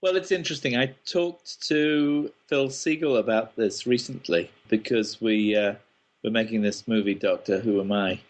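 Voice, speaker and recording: A man's voice: lowish voice, normal speed. A man, a screenwriter, answering interview questions thoughtfully with ums and restarts. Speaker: guest, screenwriter.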